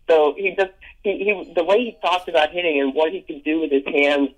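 A slightly high-voiced man talks briskly over poor-quality audio. Being interviewed casually as a museum educator, he's enthusiastic about the museum's programs and stories but keeps stumbling, repeating himself and restarting sentences.

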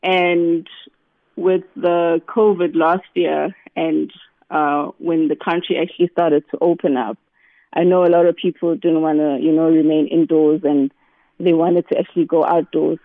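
A guest speaking over the phone in a relaxed interview, often saying "you know". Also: mid-range voice, a little slow, no echo. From South Africa. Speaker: guest, business founder. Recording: tinny phone line.

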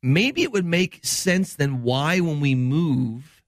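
A man's voice: fairly high pitch, animated, slow, dry recording, studio quality. A middle-aged man from Wisconsin, a doctor hosting a health show, explaining news in rambling, enthusiastic casual chat.

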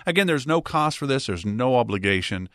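Lively-voiced male radio host. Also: medium pitch, a little fast, no echo, studio quality. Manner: conversational, repeats phone number. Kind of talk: radio talk show chat. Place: radio studio. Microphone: studio mic.

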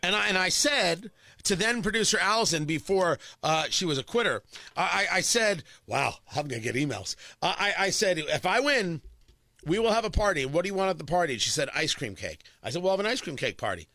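A middle-aged man holds forth on a morning radio show in a high, bright voice that leaps around. He repeats his points for emphasis and slips in sarcastic jokes. The studio sound is close and dry. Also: lively intonation, brisk, dry recording. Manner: emphatic, repetitive, sarcastic asides. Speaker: radio talk show host. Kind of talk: opinionated morning radio monologue. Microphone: studio microphone.

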